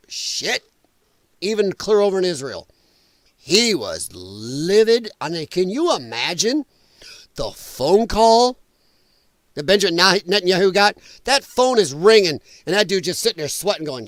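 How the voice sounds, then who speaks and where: Animated, high-voiced man hosting a stream. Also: no echo, clean studio sound. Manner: animated, rambling, quick to laugh. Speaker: livestream host reading chat. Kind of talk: casual political commentary stream.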